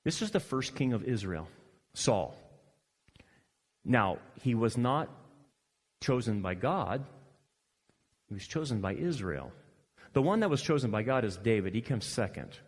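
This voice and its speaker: A male pastor preaching a sermon, animated and swinging between loud emphasis and quiet asides. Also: mid-range voice, unhurried, pauses often, long reverb tail. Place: church hall.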